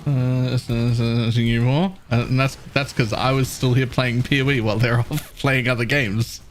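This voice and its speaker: A man's voice: medium pitch, steady tone, moderate pace, a little hiss or hum. A man streaming a game live, chatting casually with his viewers, laughing often and restarting his phrases.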